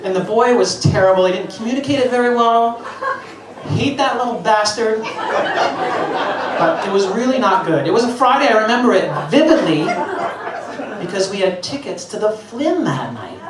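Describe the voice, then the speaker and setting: Man, middle-aged, stand-up comedian, swearing, self-mocking, lively swooping pitch, echoey room, far from mic. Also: moderate pace, very noisy. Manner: profane, self-mocking storytelling. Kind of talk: stand-up routine. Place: stage before a live audience. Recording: echoey venue, voice heard from a distance, loud ambience.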